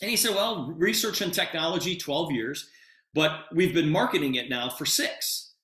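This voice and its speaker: Lively, forceful man telling a story. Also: on the high side, normal speed. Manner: animated, acts out conversations in quotes. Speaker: presenter. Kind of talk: storytelling sales pitch. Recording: echoey room.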